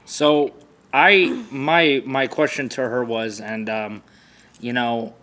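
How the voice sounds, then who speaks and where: This man, the boyfriend co-hosting a vlog, asks questions in a casual, serious chat, hesitating and restarting frequently. His medium-pitched voice is pushed and bright, with fairly even intonation and a slow pace.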